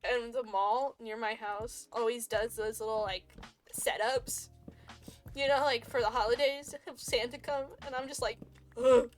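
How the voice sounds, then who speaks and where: A woman's voice: on the high side, steady tone, moderate pace, faint music behind. A woman streamer chatting casually and rambling, joking and laughing often. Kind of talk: casual chat.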